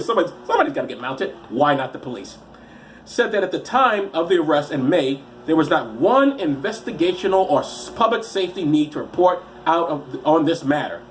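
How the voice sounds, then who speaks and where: A man's voice: a little high, a little hiss or hum. A man with a cold and an American accent, hosting a comedy show where he reads news stories aloud in a rambling, sarcastic way with many restarts. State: has a cold. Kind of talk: comedic news-story reading.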